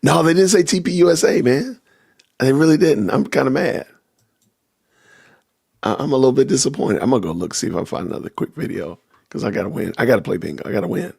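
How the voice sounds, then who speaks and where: A man hosts a casual livestream and reacts out loud to his viewers. His voice is gravelly and husky, and his pitch sits in the middle. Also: expressive, fast talker. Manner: talks to chat with y'all, reacting loudly. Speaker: podcast host.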